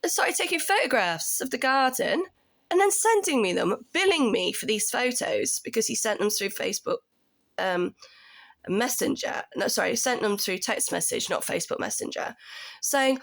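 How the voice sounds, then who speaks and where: A woman's voice: medium pitch, expressive, normal speed, creaky, a bit bright. A woman in her thirties, a tenant telling her story in a casual, indignant rant that climbs into raised exasperation.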